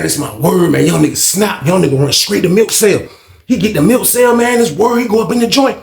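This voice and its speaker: A man's voice: sits high, gravelly, echoey room, a little hiss or hum. A man telling a prison story casually and animatedly, repeating lines and acting out quotes. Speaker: storyteller recounting prison life.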